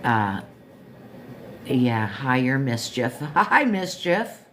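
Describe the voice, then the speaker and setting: A woman's voice: very deep voice, big pitch swings, extremely slow, noisy background. A woman in her fifties hosting a livestream, talking casually in a meandering, chatty way full of asides and self-corrections. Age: 50s. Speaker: livestream host reviewing a book. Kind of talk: casual rambling chat.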